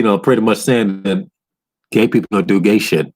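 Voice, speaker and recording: Man, low voice, rambling profane game recap, mimics characters in a higher pitch. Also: moderate pace. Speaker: gaming commentator. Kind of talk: casual rant recapping a video game.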